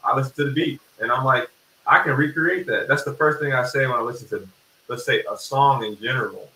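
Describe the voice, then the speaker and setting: A man's voice: mid-range voice, fast talker. A man, a music producer, chatting casually and reflectively in an interview, with lots of filler words. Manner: relaxed, reflective, uses many fillers like "like" and "you know". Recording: roomy, distant mic with faint hiss.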